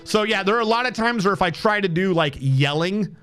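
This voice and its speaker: A man's voice: high voice, animated, fairly quick, a bit bright, clean tone, soft background music. A young man from Texas with a mixed Texan and New England accent, rambling and swearing casually as he chats with his stream audience. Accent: mix of Texan and New England. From Texas, born in Massachusetts. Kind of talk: casual chat while streaming a game.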